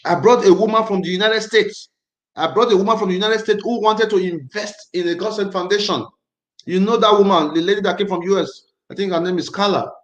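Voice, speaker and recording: A man originally from Nigeria hosts a casual livestream, tense and angry, hammering his points home by repeating them. His voice sits high for a man. The room gives it a noticeable echo. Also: fairly even intonation, fairly quick, a bit bright. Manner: emphatic, repetitive, agitated. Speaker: livestream host.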